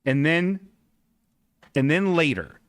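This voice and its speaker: A man's voice: a little high, very animated, slow pace, a bit bright, no echo. A man hosting a comedy podcast in character, telling a rambling story with an exaggerated, self-naming delivery. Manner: rambling, exaggerated, repeatedly names himself.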